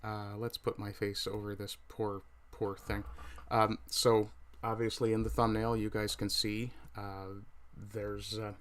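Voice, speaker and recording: A man hosting a casual livestream, talking with frequent fillers and pauses, with a mic right under his chin. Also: lowish voice, completely flat delivery. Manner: hesitant, many fillers, reads chat aloud. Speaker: livestream host.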